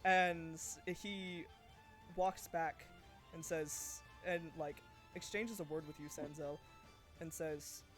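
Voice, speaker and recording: A man narrating a tabletop game as game master, relaxed and enthusiastic, with lots of fillers. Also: on the high side, slow pace, faint music behind.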